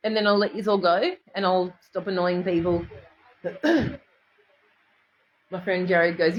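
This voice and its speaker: Talking to her livestream viewers, an Australian vlogger rambles along, emotional and swearing freely while responding to commenters. Her lowish voice stays level at a measured pace with frequent pauses, and the sound is lo-fi.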